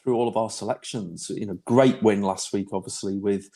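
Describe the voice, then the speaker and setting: Man, podcast co-host, casual chat, mellow dark voice, easygoing fillers. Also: lowish voice, normal speed, gravelly. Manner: steady, with frequent "you know" fillers and restarts. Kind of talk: casual chat about golf betting.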